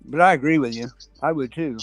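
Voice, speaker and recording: Man musing slowly in casual chat. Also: fairly high pitch, soft background music. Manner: reflective, hedging, talks about spirit beliefs.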